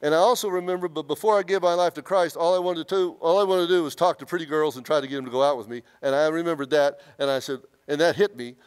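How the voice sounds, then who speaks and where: A man's voice: on the high side, quick pace, few pauses, clean tone. A man in his sixties preaching a testimony in church, telling his story earnestly and emphatically, often restarting his sentences. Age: 60s. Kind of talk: sermon testimony.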